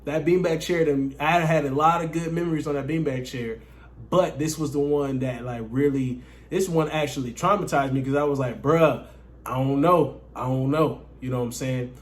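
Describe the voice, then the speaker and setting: Higher-pitched man telling a profane story. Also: brisk. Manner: profane, animated, keeps addressing viewers as guys. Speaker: dating coach vlogger. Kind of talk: casual storytelling.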